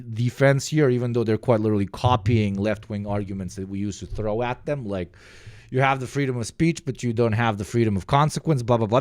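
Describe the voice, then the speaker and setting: A man's voice: mid-range voice, a little mellow, dry recording, studio quality. A man from the Balkans giving sarcastic, profane livestream reaction commentary that rambles from point to point. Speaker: streamer.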